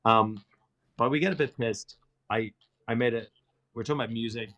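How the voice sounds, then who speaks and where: A man's voice: medium pitch, normal speed, pushed and bright, lo-fi sound. A male TV presenter, a guest on a show, telling a casual story that rambles and often restarts mid-sentence.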